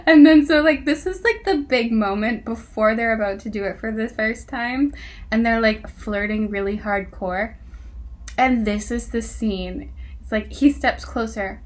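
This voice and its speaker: A woman's voice: fairly high pitch, normal speed. A woman casually reviewing a book, reading passages aloud and mocking them with exasperated, sarcastic asides and frequent laughter.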